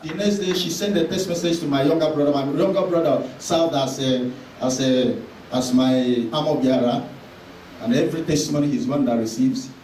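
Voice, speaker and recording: A male pastor preaching an impassioned sermon with heavy repetition and shouted declarations. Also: mid-range voice, moderate pace, a little hiss or hum. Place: church hall. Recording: echoey church hall, mic at a distance, congregation audible.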